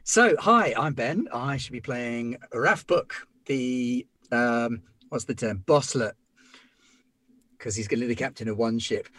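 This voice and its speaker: A man's voice: medium pitch, measured pace, a bit bright, dry recording. A man introducing his tabletop character with wry, self-mocking humor. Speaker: player. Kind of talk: casual chat at a game table.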